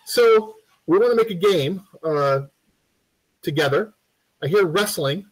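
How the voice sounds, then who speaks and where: A game development instructor live-streams a loose tutorial on building a game, speaking in a fairly high register for a man. He is animated, rambling and chatty, full of ums and restarts, and he jokes with the chat as he works. The recording is low quality.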